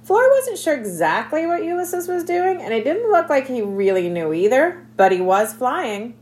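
A woman narrating a children's novel aloud in an expressive, scripted reading. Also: high-pitched, normal speed. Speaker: audiobook narrator.

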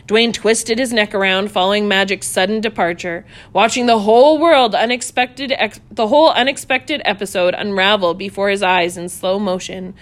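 A woman reading a children's story aloud, playful and animated, voicing sound effects as she goes. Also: medium pitch.

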